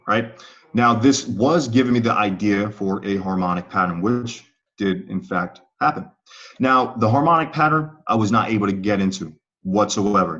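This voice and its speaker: A man's voice: fairly low pitch, fairly bright tone. Man teaching trading on a muffled call. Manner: conversational, checks in with the audience. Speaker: trading instructor. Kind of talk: live online trading webinar. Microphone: online call audio. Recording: slightly muffled call audio.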